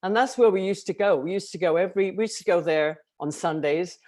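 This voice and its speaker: An older woman from Liverpool with a softened Liverpool accent, chatting as an interview guest and telling stories. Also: lowish voice. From England. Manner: chatty storyteller, quick affirmations. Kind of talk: casual interview chat.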